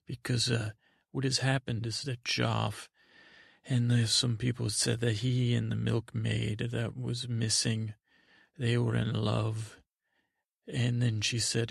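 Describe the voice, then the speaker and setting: Brief: male storyteller, improvised comic bedtime tale, gravelly and husky, dry close sound. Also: medium pitch, slow pace, no echo. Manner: rambling, stammering, deadpan. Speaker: podcast storyteller.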